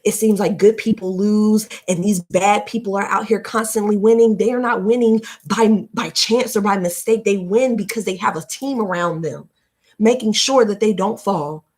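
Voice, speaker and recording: A woman in her late twenties hosting a live stream, giving a heartfelt motivational talk. She repeats her points emphatically, like a preacher, and turns soft and emotional. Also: mid-range voice. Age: late 20s. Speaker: livestream host.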